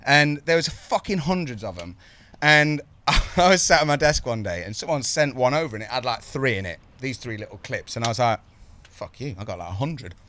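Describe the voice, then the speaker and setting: A man with a Birmingham accent, hosting a casual podcast chat and telling sweary, animated stories. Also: medium pitch, a little fast, hardly any pauses, a little hiss or hum. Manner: sweary, storytelling with put-on voices. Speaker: podcast host.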